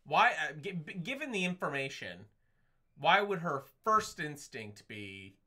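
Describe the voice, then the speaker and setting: A man's voice: fairly high pitch, very animated, unhurried, pushed and bright. A man co-hosting a casual film review chat, asking incredulous, exasperated questions about the plot. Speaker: podcast co-host.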